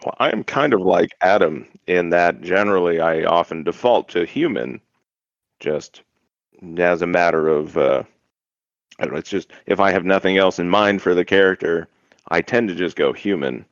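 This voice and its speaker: A man's voice: deep voice, moderate pace, no echo, highs cut off. A man chatting casually and joking around at a game table, laid-back with trailing restarts. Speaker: player. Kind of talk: casual chat.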